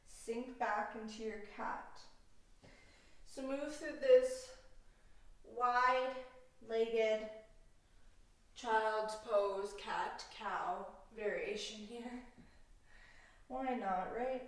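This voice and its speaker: A woman leading a vinyasa yoga class, calmly cueing breaths and poses with a playful aside now and then. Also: fairly high pitch, drawn-out words, pauses often, far from the mic. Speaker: yoga instructor. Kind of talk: guided yoga class instruction. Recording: roomy echo, voice from off mic.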